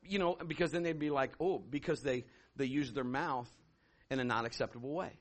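A man preaching a sermon, swinging from loud shouted declarations to low hushed storytelling. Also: a little fast. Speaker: pastor.

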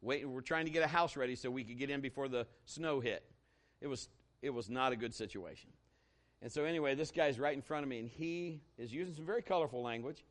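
A man preaches a sermon as a pastor, recounting a personal story conversationally. He is animated, moving between loud and hushed, with a medium-pitched voice and a quick pace.

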